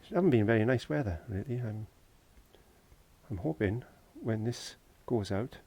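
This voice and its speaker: A man's voice: medium pitch, expressive, moderate pace, vocal fry, warm tone, slightly rough, no room sound. A man from Wales, chatting and joking to himself as he teaches painting in a shed. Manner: chatty, jokey, talks to himself while working. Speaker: painting tutor. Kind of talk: casual painting tutorial. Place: garden shed.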